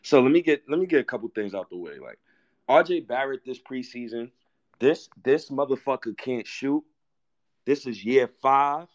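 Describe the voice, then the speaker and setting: A man's voice: mid-range voice, highs cut off. A man hosting a fan show, ranting heatedly and profanely, repeating himself as he vents. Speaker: sports fan show host.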